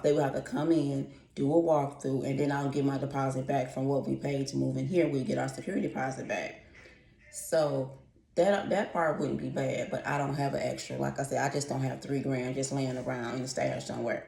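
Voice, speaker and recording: In an echoey room at home, a woman vlogger rants about her apartment in a casual, profane, rambling way. Her voice is deep and gravelly yet mellow, with a flat, fairly quick delivery, and she sounds exasperated throughout.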